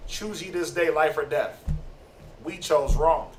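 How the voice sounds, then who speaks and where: A man giving a casual, slangy sermon-style Bible teaching, animated and conversational. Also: fairly high pitch, measured pace. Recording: roomy, distant mic, faint noise.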